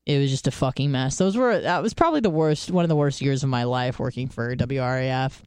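Talking fast in casual studio chat, this radio co-host has a smooth, clear, slightly mellow voice on a dry close mic with no room sound. She swears freely, tells stories frankly, and trips over fillers and restarts, leaping far higher in pitch when quoting others.

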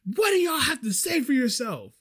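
A furious middle-aged woman customer shrieks her complaints in a high, teary voice, as a man mimics her. She sounds on the edge of crying, and her outrage comes out shrill and strained. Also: big pitch swings, normal speed, fairly bright tone, husky, full character voice. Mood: outraged.

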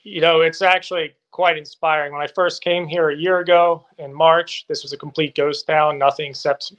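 A man's voice: fairly high pitch, fairly even intonation, moderate pace, fairly bright tone. A man answering interview questions from abroad, speaking in an assertive, analytical way. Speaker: guest reporting from a war zone. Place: remote from abroad.

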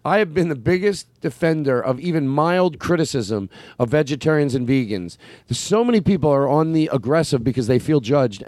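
A man's voice: a little high, a little mellow, no echo. A man with a Philadelphia accent, hosting a casual chat, talking in a rambling, self-correcting way and swearing freely. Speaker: podcast host.

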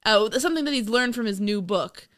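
A woman's voice: on the high side, animated, fairly quick, fairly bright tone, clear, resonant tone, no room sound, studio quality. A young woman co-hosting a podcast in casual chat, joking and sarcastic, often laughing. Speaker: podcast co-host.

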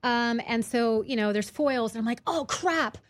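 Animated woman telling a story. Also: fairly high pitch, no room sound. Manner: animated storyteller, halting restarts. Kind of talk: casual chat.

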